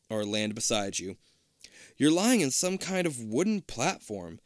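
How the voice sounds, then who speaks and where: Animated man reading a storybook aloud. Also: medium pitch, a little slow, no room sound, studio quality. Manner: animated, jokey asides. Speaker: reader. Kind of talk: casual read-aloud of a storybook.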